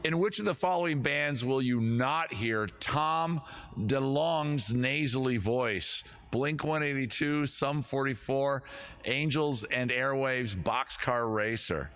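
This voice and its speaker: A man's voice: mid-range voice, slow pace, fairly bright tone, clean tone. A man hosting a casual livestream quiz, rambling with jokey, self-deprecating asides. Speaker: comedy show host running a quiz.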